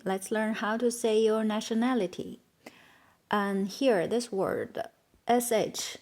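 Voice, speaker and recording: Slow-paced Chinese-accented woman teaching. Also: a little high. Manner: explains slowly, says Chinese words carefully and repeats them. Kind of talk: beginner language lesson.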